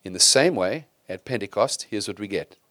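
Low-voiced male pastor preaching. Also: lively intonation, normal speed, fairly bright tone, no echo, clean studio sound. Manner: conversational preaching with rhetorical questions. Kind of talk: sermon.

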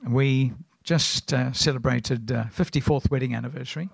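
A man in his seventies with a South African accent, preaching as a guest in a rambling, anecdotal way and often clearing his throat. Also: mid-range voice, fairly even intonation, normal speed, no echo. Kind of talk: sermon.

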